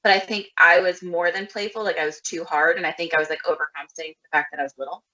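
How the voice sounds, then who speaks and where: Bright, lowish woman co-host who rambles in casual chat. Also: fairly even intonation, rapid-fire, muffled recording. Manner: rambling, many "like" fillers. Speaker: podcast co-host.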